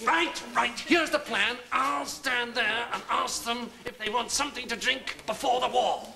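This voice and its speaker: A ranting, short-tempered hotel owner. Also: male voice, very high-pitched, measured pace, vocal fry, over music, exaggerated voice. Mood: flustered. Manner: ranting, shouting, sarcastic. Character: manic hotel owner, middle-aged man, short-tempered. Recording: archive sitcom audio with audience laughter.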